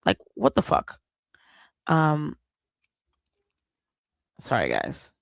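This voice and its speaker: Slow, gravelly man ranting on a livestream. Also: on the high side, wildly swooping pitch, no room sound. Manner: heated, profane, repeats himself. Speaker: livestream host. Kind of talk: casual livestream rant.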